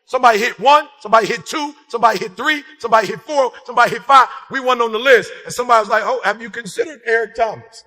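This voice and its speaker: A man giving an impassioned sermon-style motivational speech, fiery and repetitive, calling out to the crowd and breaking into shouts. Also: very high-pitched, rapid-fire, few pauses, big-room sound. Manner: fiery, repetitive call-and-response, bursts into shouts. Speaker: motivational speaker and preacher.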